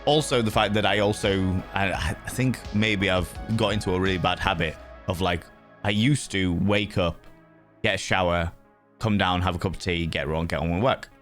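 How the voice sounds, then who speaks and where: A man with a fairly low voice hosts a livestream and reads out viewer messages. He talks in a playful, effusive way and swears now and then, with sudden jumps in pitch. Faint music plays behind him. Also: fairly even intonation, moderate pace, fairly bright tone. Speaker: livestream host. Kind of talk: casual chat reading viewer messages.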